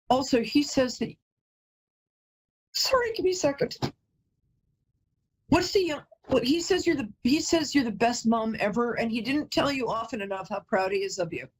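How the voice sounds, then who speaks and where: On a live call-in psychic reading, a woman host with a fairly high, breathy voice talks at a normal speed with lively intonation and long pauses. She is chatty and emotional as a medium, often stopping mid-sentence to apologize. The audio quality is poor.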